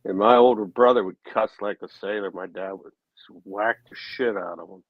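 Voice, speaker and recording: A man's voice: fairly low pitch, fairly even intonation, moderate pace, no echo. A man chatting casually as a podcast co-host, speaking bluntly and profanely in a laid-back way. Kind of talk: casual chat. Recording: dull, dry lo-fi sound.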